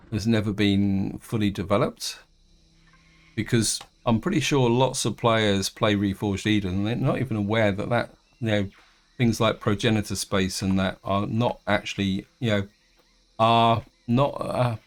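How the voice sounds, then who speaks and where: A man giving casual, rambling commentary while playing a space game, with frequent restarts and fillers. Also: lowish voice. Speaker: gaming video host. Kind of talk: casual let's-play commentary.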